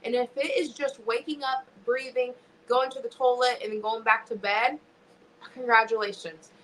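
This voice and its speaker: A woman's voice: a little high, steady tone, moderate pace, a bit bright, a little hiss or hum, poor audio. A young woman, a wrestler and podcast guest, talking emotionally and swearing freely, with many restarts. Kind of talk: casual podcast chat.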